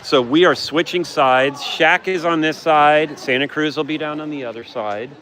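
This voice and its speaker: Amateur poolside play-by-play man, high voice, excitable and chatty, hoarse from yelling. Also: normal speed. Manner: excitable, shouts on big plays, chatty asides. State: coughing from yelling. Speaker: livestream commentator at a youth water polo game.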